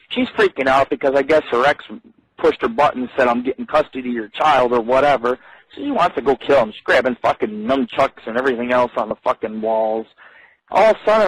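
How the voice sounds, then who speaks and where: Husky-voiced man telling a profane ramble. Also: a little high, lively intonation, brisk, dry recording, poor audio. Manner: profane, swears constantly, rambling. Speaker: radio show host. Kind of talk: crude rambling storytelling on live radio.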